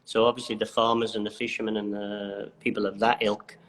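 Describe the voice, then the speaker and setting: A man from the Isle of Man, a chef being interviewed, talking in a relaxed and modest way. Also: lowish voice, brisk. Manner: relaxed, modest, many fillers. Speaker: chef, guest. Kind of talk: casual interview chat.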